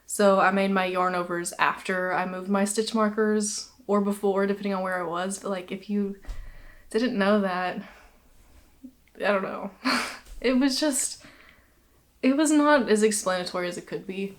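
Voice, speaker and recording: A woman's voice: mid-range voice, steady tone, measured pace. A young woman hosting a knitting podcast, chatting casually, laughing often and a little out of breath. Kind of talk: casual chat.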